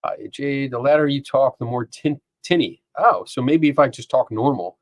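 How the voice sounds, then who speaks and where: Male stream host, rambling casual chat, dry close dynamic mic, mid pitch. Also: moderate pace, no room sound. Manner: rambling, chatty, laughs often, reads chat aloud. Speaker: podcast host. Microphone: dynamic microphone.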